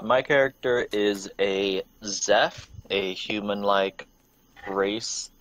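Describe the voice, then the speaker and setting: A man introducing his character at a tabletop game in a casual, halting way. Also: lowish voice, fairly bright tone, muffled recording. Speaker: player.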